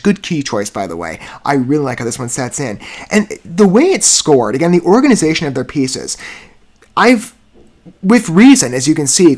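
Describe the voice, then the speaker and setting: A man hosting a music reaction channel, reviewing a rock song in wordy, searching sentences with frequent restarts and soft laughs. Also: on the high side.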